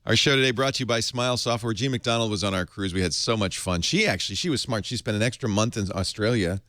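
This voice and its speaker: A man's voice: lowish voice, fast talker, pushed and bright, dry recording. A man hosting a tech podcast, chatting casually and reading an ad, jokey and laughing often. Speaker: podcast host. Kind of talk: casual tech podcast chat and host-read ad.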